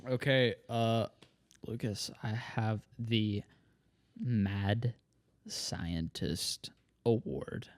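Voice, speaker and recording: A man's voice: on the low side, steady tone, drawn-out words. A man co-hosting a sports podcast in casual chat, often hesitating and restarting his sentences. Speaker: podcast co-host.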